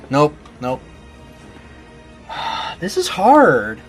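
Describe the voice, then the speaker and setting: A man's voice: mid-range voice, slow, soft background music. A man playing a game and trying out character voices, chatting casually in a self-deprecating way.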